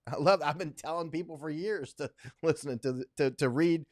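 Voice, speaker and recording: A man's voice: a little high, fairly quick, no room sound, clean studio sound. A man from Florida hosting a casual livestream, rambling and chatty, reading viewer comments aloud with many fillers. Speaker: livestream host reading chat. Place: home in Thailand.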